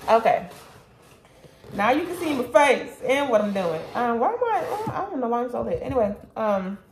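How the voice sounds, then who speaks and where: A woman's voice: fairly high pitch, sing-song, normal speed, echoey room, a little hiss or hum. A woman vlogger chatting casually to her viewers, calling them y'all and baby. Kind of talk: casual chat to camera.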